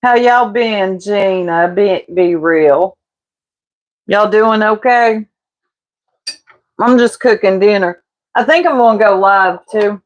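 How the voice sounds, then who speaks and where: A woman's voice: medium pitch, slow pace, long pauses, lo-fi sound. A woman, casually gossiping and laughing with her livestream chat while she cooks. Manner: gossipy, laughing, teasing, addresses chat as y'all. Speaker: livestreamer chatting with viewers.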